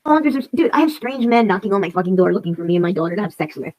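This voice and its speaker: Rapid, profane woman ranting on a livestream. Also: mid-range voice, animated, dark tone, poor audio. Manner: profane, rambling, repeats herself. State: emotional and upset. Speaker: livestream host. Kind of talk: casual ranting livestream chat.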